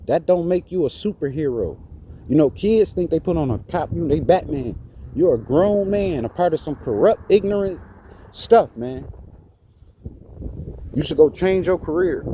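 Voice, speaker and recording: A man's voice: a little high, mellow, a little hiss or hum. A man ranting indignantly to his phone camera outside a church, preachy and repetitive. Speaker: vlogger.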